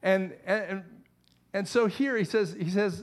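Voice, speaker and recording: A man's voice: fairly high pitch, brisk. A middle-aged man, a pastor, preaching a sermon in church with earnest, repeated phrases.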